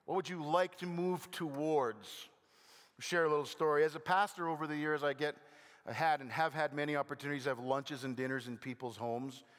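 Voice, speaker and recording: An older man preaching a sermon as a pastor, conversational with gentle self-deprecating humor and halting restarts. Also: on the high side, steady tone. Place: church sanctuary. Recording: long hall reverb.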